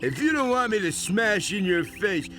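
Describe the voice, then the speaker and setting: A mocking video game bandit growls out his demands, his threats stretched slow and bullying. His voice sits high and bright, swinging widely in pitch. Game music plays faintly behind him. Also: big pitch swings. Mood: threatening. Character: menacing male bandit demanding gold.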